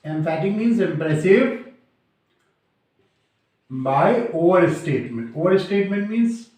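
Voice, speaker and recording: Male grammar teacher, high voice, slow and repetitive delivery, very echoey room. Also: expressive, darkish tone. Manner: repetitive, deliberate, defines terms over and over. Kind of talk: slow explanatory lecture.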